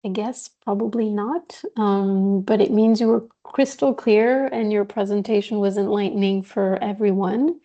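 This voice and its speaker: A woman's voice: medium pitch, a little slow, hardly any pauses, mellow. Woman moderator on muffled call audio. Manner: polite, facilitating. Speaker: session moderator. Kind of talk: moderating an online session. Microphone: video call.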